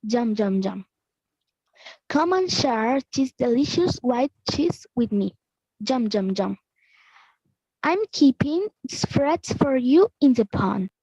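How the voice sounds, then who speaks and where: Lady reading as a sneaky storybook rabbit, high voice, kinda husky. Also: lively intonation, a little mellow, no room sound, exaggerated voice. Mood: sly. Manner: read aloud slowly from a story. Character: sly small male rabbit tricking a tiger. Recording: dry, dull lo-fi recording.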